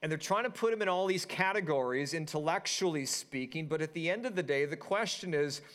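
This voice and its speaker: A pastor preaching a sermon, reading scripture and retelling it in an animated, storytelling way. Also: male voice, a little high, brisk. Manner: animated storytelling, acting out quoted voices.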